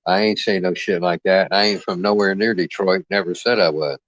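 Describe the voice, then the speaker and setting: Deep-voiced brash profane male streamer. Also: steady tone, fairly quick, fairly bright tone, no room sound. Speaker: livestream host. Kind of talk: crude trash-talking livestream chat. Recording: dull lo-fi dry mic sound.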